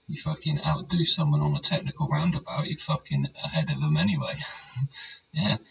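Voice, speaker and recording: A man's voice: extremely low pitch, vocal fry, a bit bright. An older English man hosting his own show in a rambling casual monologue, swearing freely and checking for agreement. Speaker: host. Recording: distant mic, dull sound, faint hiss.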